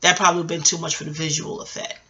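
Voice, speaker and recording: Bright-voiced woman rambling casually. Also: low voice, fairly even intonation, very fast, highs cut off. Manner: scattered, tangent-jumping, profane. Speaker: vlogger.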